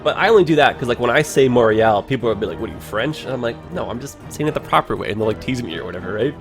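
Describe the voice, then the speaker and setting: A man's voice: medium pitch, animated, racing, music in the background. A man hosting a game livestream, talking in a rambling, chatty way full of "like". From Ontario, Canada. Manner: rambling, chatty, heavy use of "like". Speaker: livestream host. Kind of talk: casual game livestream commentary.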